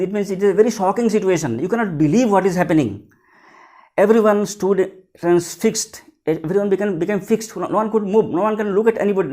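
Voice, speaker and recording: A man's voice: high voice, a little mellow. A male teacher reading a story aloud and explaining it line by line in simple words. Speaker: English teacher. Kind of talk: textbook lesson explanation.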